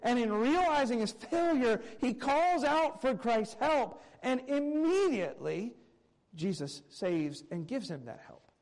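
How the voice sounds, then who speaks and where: This pastor explains a scripture passage, reading it aloud and preaching earnestly in an expository manner. His animated delivery, a little slow, alternates raised emphasis with quiet low asides, captured on a low-quality recording.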